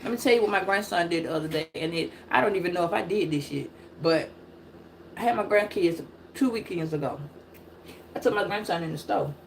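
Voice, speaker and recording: A middle-aged woman giving a casual live-stream tarot reading, preachy and profane, with loud emphatic bursts. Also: on the low side, brisk, creaky, a little hiss or hum. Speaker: tarot reader.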